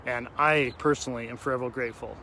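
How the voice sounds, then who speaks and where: A man's voice: medium pitch, fairly even intonation, fast, pushed and bright, a little hiss or hum. A man talking earnestly to his viewers outdoors, emotional and tearful at times. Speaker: vlogger addressing his audience. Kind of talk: heartfelt outdoor vlog talk. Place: outdoors at a cemetery.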